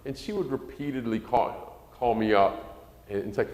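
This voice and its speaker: A man's voice: normal speed, a little mellow. Folksy preacher man in an echoey hall. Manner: folksy, acts out quoted parents in a shrill voice. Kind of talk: sermon lesson to a congregation.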